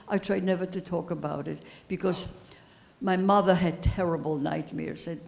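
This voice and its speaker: Old lady in her 80s giving a keynote testimony, halting and emotional, repeats herself. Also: lowish voice, fairly even intonation, gravelly, a little mellow. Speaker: keynote speaker. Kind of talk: personal testimony speech. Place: high school event hall.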